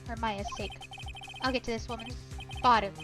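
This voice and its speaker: A woman's voice: fairly high pitch, fairly even intonation, moderate pace, music in the background, close to an everyday voice. A woman voicing an earnest, jumpy young male defense lawyer in a fan dub of a game, muttering to herself with sudden dramatic outbursts.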